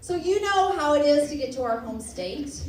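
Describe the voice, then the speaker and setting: A woman from Texas doing a stand-up comedy set, animated and self-mocking, breaking into laughter. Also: high-pitched, normal speed, very noisy. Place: comedy club stage before a laughing audience. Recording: roomy club sound, distant mic, loud crowd.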